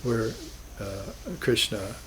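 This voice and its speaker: In a recorded class on spiritual philosophy, a man speaks slowly in a rather low voice with fairly even intonation, against a noisy background. He sounds earnest and reflective, giving way to emphatic bursts.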